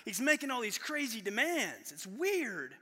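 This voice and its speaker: A man preaching a sermon as pastor, casual and energetic, with slang and quick restarts. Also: extremely high pitch. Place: church hall. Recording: long hall reverb.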